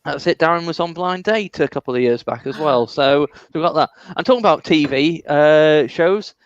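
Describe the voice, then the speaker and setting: A man comperes a comedy night on a stage mic, his voice slightly high. He talks in a loose, halting way, full of ums and restarts, and chuckles at his own gags. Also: no room sound, highs cut off. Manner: chatty, hesitant, full of ums, laughs at own jokes. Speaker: comedy show host.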